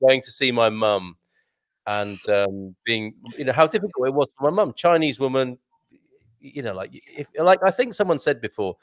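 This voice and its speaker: A man's voice: medium pitch, expressive, moderate pace, dry recording. Middle-aged guy rambling thru comments on a stream, lots of restarts, dry close sound. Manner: rambling, many restarts, chuckles. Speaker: co-host reading viewer comments. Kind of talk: casual chat on a live stream.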